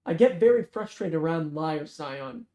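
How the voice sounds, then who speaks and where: A reader voicing a calm, cold-blooded female killer who speaks in dry, matter-of-fact tones in a thriller read aloud. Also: medium pitch, a little slow, lo-fi sound, close to an everyday voice. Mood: menacing.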